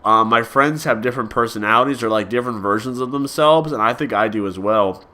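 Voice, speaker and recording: A man's voice: mid-range voice, quick pace, bright, forceful tone. A young man vlogging in a casual, rambling monologue, full of fillers and restarts, coughing now and then.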